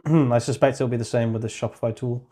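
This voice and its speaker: A man's voice: mid-range voice, fairly quick, mellow, breathy edge. A man hosting his channel's livestream in casual chat, joking and laughing at his own jokes. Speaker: channel host.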